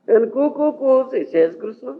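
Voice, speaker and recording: On dull, lo-fi archival tape with a faint hiss, an Indian spiritual teacher lectures on scripture in a lecture hall, speaking animatedly in an extremely high pitch at normal speed. He keeps asking his listeners whether they follow.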